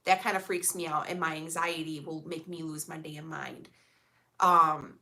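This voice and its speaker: Sassy young woman streamer, crisp bright tone, blunt slangy chatter. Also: deep voice, fairly even intonation, moderate pace. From Illinois, USA. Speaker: vlogger reading live chat. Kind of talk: casual live-stream chat.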